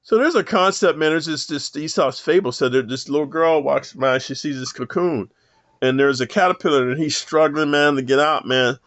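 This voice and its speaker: A man giving a rambling, profane monologue to camera, rough street talk full of "man". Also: a little high, normal speed, fairly bright tone, no echo. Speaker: self-help vlogger. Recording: dull lo-fi dry sound.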